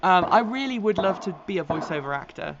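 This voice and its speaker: A woman's voice: fairly low pitch, lively intonation, brisk. A chatty English woman hosts a casual live stream, rambling with plenty of ums and easy laughter. Her accent now and then slips toward American. The sound is a little dull, with faint noise in the background. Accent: English, with occasional American slips. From England. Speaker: host of an electric vehicle news live stream. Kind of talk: casual live-stream chat, reading viewer comments.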